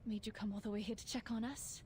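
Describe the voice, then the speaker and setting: A woman reading lines as a polite young female singer in mourning, gentle and apologetic. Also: medium pitch, steady tone, fast, a little hiss or hum, close to an everyday voice.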